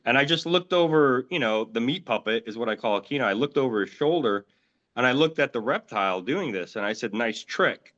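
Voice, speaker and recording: Male interview guest telling his own story; halting, filler-heavy delivery, average pitch, dull low-fidelity recording. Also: expressive, fairly bright tone. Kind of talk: recounting personal experiences in an interview. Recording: dull lo-fi audio.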